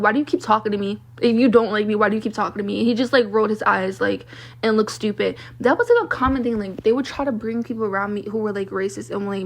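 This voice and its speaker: Blunt, exasperated young woman vlogger. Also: a little high. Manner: blunt, exasperated, heavy use of "like". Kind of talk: casual storytime rant.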